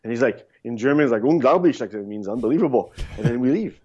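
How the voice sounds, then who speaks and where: A man in his fifties, a podcast guest, telling rambling, animated stories in a casual interview, with frequent restarts. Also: medium pitch, fast. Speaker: podcast guest, former luge athlete. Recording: dull lo-fi sound.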